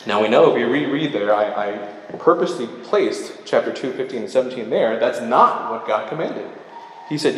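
A man's voice: medium pitch, lively intonation, brisk, slight background noise. A man preaching a sermon, reading scripture verses aloud and stopping to explain them line by line. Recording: very echoey hall with long reverb.

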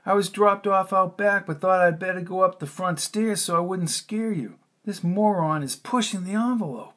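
A man voicing a tough, protective middle-aged uncle in an audiobook, gruff and blunt, given to cursing. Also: high voice, moderate pace, fairly bright tone, voice pushed up. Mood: irritated. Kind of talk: audiobook character reading.

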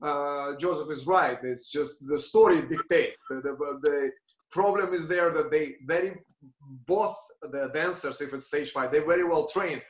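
A man, a ballet dancer, telling stories in a lively, conversational way, laughing often and acting out the lines of other people. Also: fairly high pitch, measured pace. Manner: animated, acts out quoted lines, frequent laughs. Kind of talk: conversational storytelling. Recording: roomy echo.

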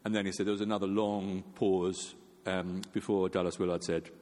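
A man's voice: level tone, moderate pace, a little mellow, big-room sound. A man preaching a sermon in a conversational way, with fillers and restarts, acting out quoted voices. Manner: acts out quoted voices with jumps in pitch.

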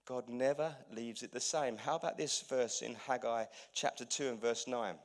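A man preaching a sermon to his church, animated, swinging between loud emphatic bursts and quiet intimate asides. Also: medium pitch. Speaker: pastor.

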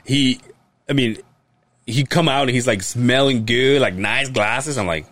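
A man's voice: mid-range voice, unhurried, no room sound. A man hosting a podcast in casual chat, telling stories animatedly with plenty of swearing and mimicked voices. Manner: animated storyteller who swears often and mimics other people's voices. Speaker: podcast host.

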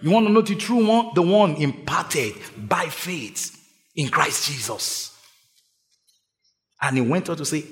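A male pastor delivering a sermon, calling out to the congregation and urging them to shout back. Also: fairly high pitch, big pitch swings, measured pace. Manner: call-and-response preaching, urging the congregation to shout. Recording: long hall reverb.

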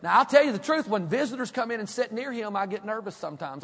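A man's voice: high-pitched, lively intonation, fast talker, a bit bright, slightly rough. A male pastor, delivering a folksy, humorous sermon full of stories to his congregation. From Kentucky. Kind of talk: sermon with storytelling. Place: church sanctuary. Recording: long hall reverb.

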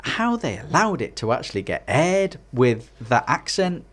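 A man's voice: medium pitch, very animated, measured pace, a bit bright. A man with a Middlesbrough accent co-hosting a casual podcast, chatty with dry, wry asides. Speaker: podcast co-host.

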